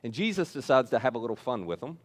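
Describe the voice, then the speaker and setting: A man's voice: mid-range voice, very animated, fast talker. A man preaching a sermon as a church pastor, telling the scripture story in a casual, conversational way. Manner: storytelling, retells scripture in casual modern paraphrase.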